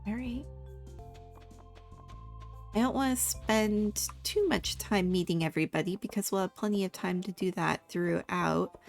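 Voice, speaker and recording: A woman's voice: medium pitch, unhurried, vocal fry, faint music behind. Chill young woman chatting thru her game, easygoing. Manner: relaxed, chatty, giggly asides. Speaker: gaming video host. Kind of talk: casual gameplay commentary.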